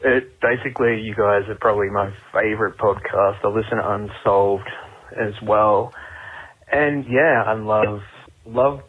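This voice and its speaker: A man's voice: on the low side, fairly even intonation, unhurried, slightly rough. Australian man on a phone voicemail. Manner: enthusiastic, upbeat. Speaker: caller leaving a voicemail. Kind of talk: voicemail message. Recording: tinny phone line.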